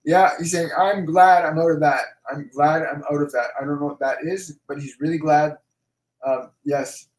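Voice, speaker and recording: Male medium hosting a livestream Q&A, slightly higher voice, echoey room. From Canada. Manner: repeats phrases, slow and emphatic when relaying messages. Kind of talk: live stream Q&A, relaying messages.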